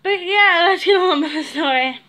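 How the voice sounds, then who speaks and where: A young woman tells a story to her vlog viewers in a high, bright voice. She talks bluntly and swears a lot. She often sinks into low, muttered asides. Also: normal speed. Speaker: vlogger. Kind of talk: casual storytelling.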